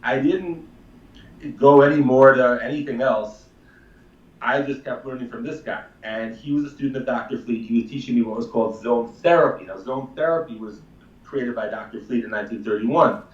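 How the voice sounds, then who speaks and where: A man's voice: medium pitch, moderate pace, echoey room, recorded from a distance, lo-fi sound. A man telling a long story in casual, emphatic talk, a chiropractor guesting on a live show. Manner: animated, emphatic, swears casually.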